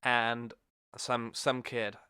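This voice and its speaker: A man hosts a casual podcast chat, his voice smooth and clean. He rambles through his stories and corrects himself as he goes. The sound is close and dry, with no room around it. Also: mid-range voice, little pitch movement, very slow, bright, forceful tone, no echo. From England. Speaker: podcast host.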